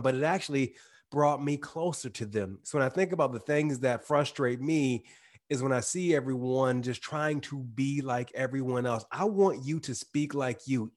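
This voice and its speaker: Casual man with a slight twang. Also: medium pitch. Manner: casual, uses slang, restarts mid-sentence. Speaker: guest speaker. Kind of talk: casual interview chat.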